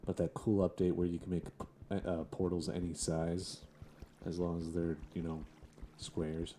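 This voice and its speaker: Laid-back young man with a deep, dark voice. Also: flat delivery, measured pace, a little hiss or hum. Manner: laid-back, chatty, talks to mobs, chuckles often. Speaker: gaming streamer. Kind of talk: casual Let's Play commentary.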